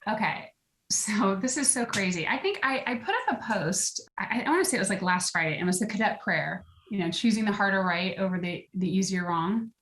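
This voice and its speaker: A woman wellness coach talking in a casual interview, earnest and quick to laugh, at times reading aloud with feeling. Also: medium pitch, lively intonation, fairly bright tone. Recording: roomy echo.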